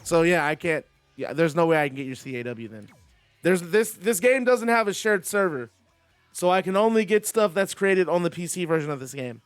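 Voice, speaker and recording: A man's voice: on the high side, brisk, dry recording, soft background music. A man streaming a wrestling video game, giving play-by-play commentary and chatting with viewers in between.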